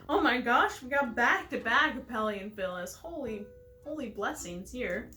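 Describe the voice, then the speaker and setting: A woman's voice: fairly high pitch, a bit bright, reverberant. A young woman hosting a let's play, chatty, giggly and playfully dramatic in her game commentary.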